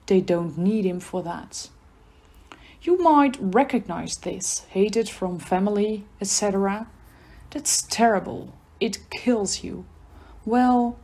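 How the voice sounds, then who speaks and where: A woman with a Dutch accent presenting a church podcast, reading a prepared devotional text in an earnest, measured way. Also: medium pitch, darkish tone.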